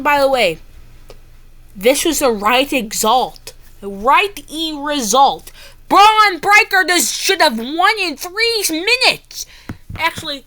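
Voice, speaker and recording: High bright excitable ranting woman. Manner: excitable, ranting, says "bro" often. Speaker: wrestling recap vlogger. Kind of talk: casual ranting show recap.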